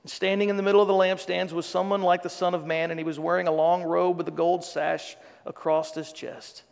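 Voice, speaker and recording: A man's voice: high-pitched, level tone, a little fast, creaky, clean tone. A male pastor preaching a sermon, reading scripture dramatically and slipping in joking asides. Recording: long reverb of a large hall.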